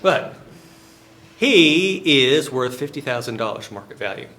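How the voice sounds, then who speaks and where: A man's voice: medium pitch, lively intonation, a little slow, bright, forceful tone. A man, a business professor lecturing in a folksy, joking, conversational storytelling manner.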